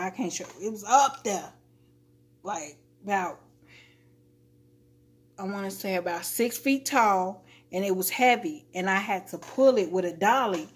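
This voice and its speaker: A young woman with a Chicago accent telling a story to her stream viewers in a casual, animated way, acting out quotes and laughing often. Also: mid-range voice. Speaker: live streamer.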